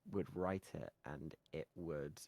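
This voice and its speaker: A man's voice: a bass voice, slow pace, a little mellow, no room sound. A British man, a guest creator of ASMR roleplays, talking casually over a voice call and circling around his points. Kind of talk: casual chat.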